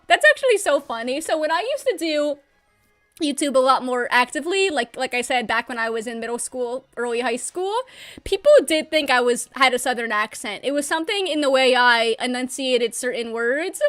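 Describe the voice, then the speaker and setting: A woman's voice: sits high, animated, a little fast, a bit bright. A young adult woman chatting casually and bubbly while livestreaming a game from home, laughing often.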